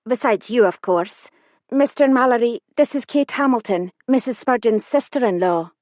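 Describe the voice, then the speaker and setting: A woman voicing a brisk, polite young female hotel receptionist with a Scottish accent touched with Irish, in an audiobook. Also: a little high, expressive, darkish tone, no echo, studio quality, pitched above the performer's own voice, close to an everyday voice. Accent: Scottish with a trace of Irish.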